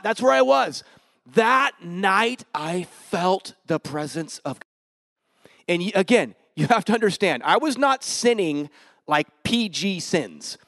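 A man delivers a sermon in a notably high voice, telling his own story with big emotional swings between loud, excited bursts and hushed moments. He talks casually, throwing in slang as he preaches. The sound is dry and close, with no room around it. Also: gravelly, dry recording. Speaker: pastor. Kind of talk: sermon with personal testimony.

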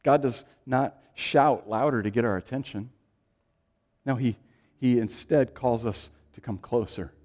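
A man preaching a sermon, swinging from loud, emphatic lines to hushed, quiet ones. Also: medium pitch, unhurried. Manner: dynamic, shifting from loud to hushed. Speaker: pastor.

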